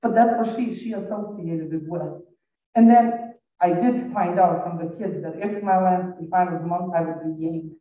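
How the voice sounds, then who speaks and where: School staffer, middle-aged man, non-native accent, chatty personal storytelling, boomy hall, far-off mic. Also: fairly even intonation, normal speed. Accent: foreign accent, non-native English. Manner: warm, personal, rambling storytelling. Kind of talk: responding at a community forum. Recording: echoey hall, distant dull mic.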